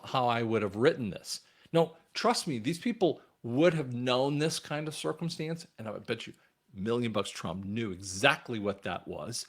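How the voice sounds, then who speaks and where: Speaking in a mid-range voice, this channel host delivers a rambling monologue on religion and politics, calling his viewers "guys." He's emphatic, lurching between loud outbursts and near mutters.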